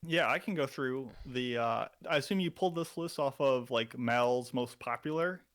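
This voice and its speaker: A man's voice: mid-range voice, moderate pace, fairly bright tone. A man co-hosting a podcast, chatting casually with a laid-back, dry sense of humor. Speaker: podcast co-host. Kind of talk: casual chat.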